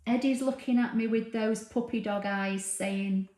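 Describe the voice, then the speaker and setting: A woman's voice: mid-range voice, fairly even intonation, normal speed, dark tone. A woman hosting a casual craft livestream from home, chatting and reading out viewer comments with frequent ums. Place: home room with a dog nearby. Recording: roomy, echoey home recording.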